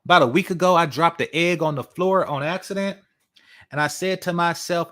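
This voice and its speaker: A man records reaction commentary in a somewhat high voice. He is blunt and scornful, and he leans on repeated phrases to drive his points home. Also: brisk, a bit bright. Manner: blunt, mocking, emphatic repetition. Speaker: online commentator.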